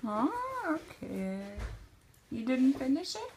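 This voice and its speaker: A mother filming her children at home, talking to them in a patient, coaxing way and gently scolding them. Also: high voice, huge pitch swings, slow. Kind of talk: casual home video. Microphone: handheld camera. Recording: loud hiss on a home video.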